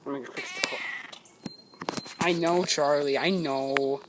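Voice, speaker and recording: A woman's voice: sits low, wildly swooping pitch, slow, long pauses. A woman filming her cats at home on her phone, talking playfully to them in a cooing way and giggling often, sleepy from just waking up. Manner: cooing, playful talk to pets, frequent giggles. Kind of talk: casual home video chat. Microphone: handheld phone camera. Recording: phone video with clear background noise.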